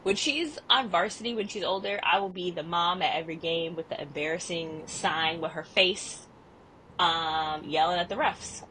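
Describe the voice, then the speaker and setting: Animated woman chatting on a podcast. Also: fairly low pitch, normal speed, a little hiss or hum. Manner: animated, expressive storyteller who laughs often. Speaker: podcast co-host. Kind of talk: casual chat.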